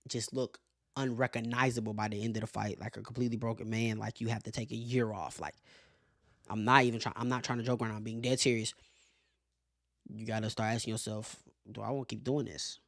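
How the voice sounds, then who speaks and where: A man hosting a casual sports commentary show, animated and profane, laughing often as he makes his case. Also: mid-range voice, no echo, clean studio sound. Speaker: show host.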